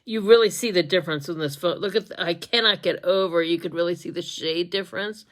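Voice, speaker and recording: A woman vlogging a casual makeup tutorial on her phone. She talks in a chatty, giggly way, trails off and restarts often, and drops to soft mutters while she works. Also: on the low side, quick pace. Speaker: beauty vlogger and makeup sales representative. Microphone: phone camera.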